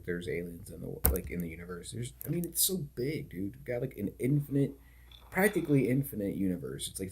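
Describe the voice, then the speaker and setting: A male gaming streamer with a low, husky, slightly mellow voice chats casually and wanders off topic as he plays, his relaxed talk full of "like" and "dude."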